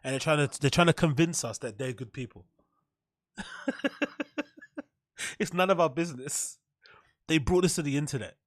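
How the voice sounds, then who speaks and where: A man's voice: on the high side, moderate pace, long pauses, dry recording. Male podcast host, sarcastic, blunt, swearing, dry close sound. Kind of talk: casual rant reacting to a clip.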